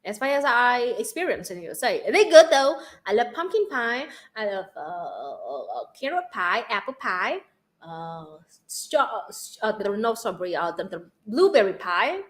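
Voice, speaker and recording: A woman from Central Vietnam with a Vietnamese accent, hosting a casual livestream chat, bubbly and quick to laugh. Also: medium pitch, big pitch swings. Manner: bubbly, laughs often, reads donation questions. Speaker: livestream host.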